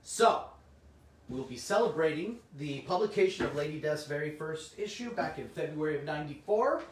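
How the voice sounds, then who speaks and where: A middle-aged man, slightly hoarse, hosting a comic shop livestream in casual, chatty talk and answering viewers' comments. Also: fairly high pitch, animated, normal speed. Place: indoor room. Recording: roomy, distant mic, faint noise.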